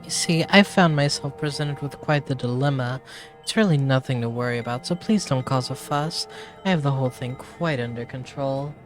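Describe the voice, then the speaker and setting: A man's voice: on the high side, lightly acted. A man reading a nervous, rambling woman village mayor in a fantasy game, polite and fretful.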